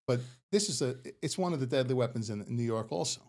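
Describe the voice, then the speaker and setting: A middle-aged man tells a story in an easy, chatty way. He laughs often and jumps into the voices of the people in his tale. His pitch swings widely as he goes. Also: fast talker. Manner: animated, laughing often, acts out quoted voices. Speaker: podcast guest. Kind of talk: casual storytelling.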